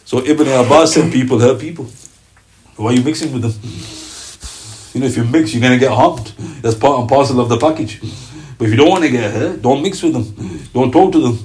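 A man's voice: mid-range voice, normal speed, poor audio. A man giving a religious lecture, telling stories and acting out the voices of the people he quotes. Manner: animated storytelling, acts out quoted voices. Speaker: Islamic teacher.

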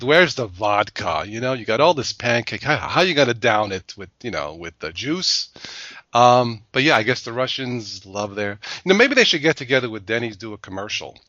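A man's voice: fairly low pitch, sharp tone, no echo. A man hosting a casual news chat show in a playful way, laughing at his own jokes, on a dull lo-fi recording. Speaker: show host.

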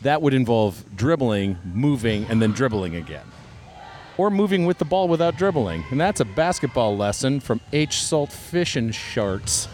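A man hosting comedic play-by-play at a basketball game, chatty and quick to laugh, recorded courtside. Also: mid-range voice, sing-song, darkish tone. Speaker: host and commentator.

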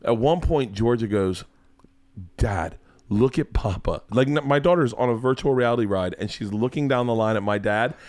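A man's voice: medium pitch, a little fast, few pauses, a little mellow, no room sound. A man in his forties telling a comic, profane story as a podcast host.

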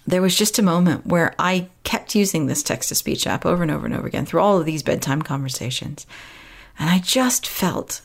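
A woman's voice: fairly low pitch, creaky. A woman hosting a parenting podcast, telling a personal story in an earnest, reflective way and laughing now and then. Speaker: podcast host.

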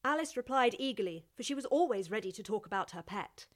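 A woman narrating a storybook in an even, measured reading voice. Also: on the high side.

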